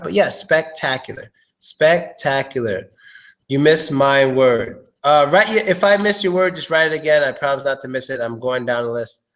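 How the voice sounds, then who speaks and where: Relaxed man teaching pronunciation live. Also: a little high. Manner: relaxed, thinking aloud, repeats words slowly. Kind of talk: live-stream English pronunciation lesson.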